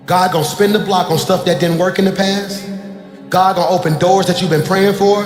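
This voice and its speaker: A pastor in his forties giving a sermon, talking conversationally and then rising to loud emphasis. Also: on the high side. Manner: conversational preaching, swings between soft talk and loud emphasis. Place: church sanctuary. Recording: echoey church hall with music behind.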